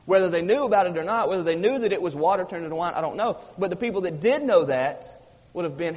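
Male pastor, mid-high voice, emphatic repetitive sermon delivery, long hall reverb. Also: lively intonation, quick pace, highs cut off. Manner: emphatic preaching with heavy repetition.

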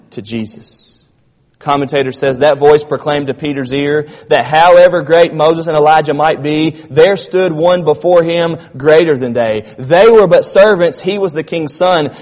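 A man's voice: a little high, measured pace, darkish tone. A man preaching a sermon to his congregation, his emphasis building as he addresses them directly. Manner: preaching with rising emphasis, calls the congregation "church". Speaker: pastor. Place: church sanctuary. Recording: long church reverb.

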